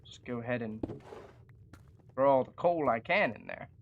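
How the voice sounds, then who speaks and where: A gaming streamer giving casual live commentary while playing, chatty, jokey and quick to poke fun at themselves. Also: medium pitch, lively intonation, narrow, tinny audio, slight background noise. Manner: chatty, self-mocking and jokey.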